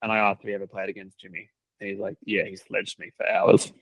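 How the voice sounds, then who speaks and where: A young man chatting casually, telling stories loaded with "like" fillers and quick laughs. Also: on the low side, little pitch movement, vocal fry, no room sound, poor audio. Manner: storytelling, lots of "like" fillers, laughs often. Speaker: cricket team videographer. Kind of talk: casual podcast chat.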